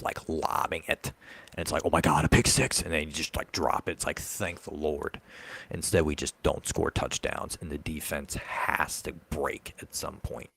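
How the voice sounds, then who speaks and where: Man, very deep, gravelly, heated sports rant. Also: steady tone, normal speed, fairly bright tone. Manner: heated, ranting fan. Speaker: podcast co-host. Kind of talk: casual sports chat.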